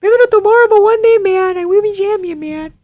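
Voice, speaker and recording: A man putting on the voice of a young male fighter vowing to become champion, in a dreamy, drawn-out sing-song delivery. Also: very high-pitched, a little mellow, no echo, voice pushed up. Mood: earnest.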